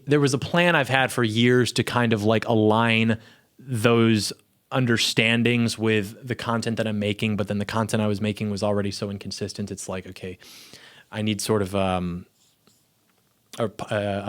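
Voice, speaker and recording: A young man with a fairly low voice talks loosely to camera in a small home studio. He rambles and restarts his sentences in an offhand, unscripted way, like a YouTuber speaking off the cuff. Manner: rambling, self-interrupting, offhand. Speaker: YouTube commentator. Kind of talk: casual chat to camera.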